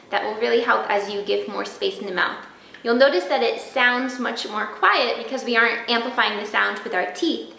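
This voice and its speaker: A woman flute teacher giving a clear, step-by-step lesson and sounding out practice syllables. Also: on the high side, sharp tone, reverberant, a little hiss or hum, low-quality recording. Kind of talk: instructional video lesson.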